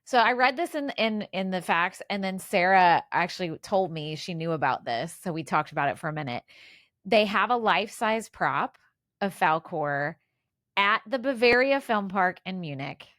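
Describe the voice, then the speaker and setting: A woman in her forties co-hosts a podcast in a relaxed, chatty way, rattling off trivia between fillers and restarts. Her pitch swings widely, and the recording is dry and close. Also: normal speed, dry recording. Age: 40s. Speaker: podcast co-host. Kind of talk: casual chat.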